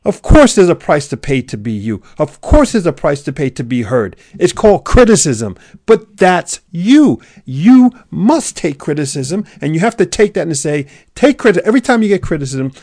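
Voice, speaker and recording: An intense motivational speaker delivers a preachy monologue, swinging between loud urging and a hushed near-whisper. His voice is a little high, and the recording is dry and close with no room sound.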